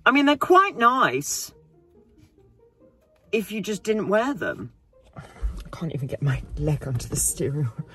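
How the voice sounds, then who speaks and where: A man's voice: high voice, big pitch swings, a little slow, long pauses, music in the background. A young man vlogging in a camp, sarcastic, jokey way. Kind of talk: casual comedic vlog.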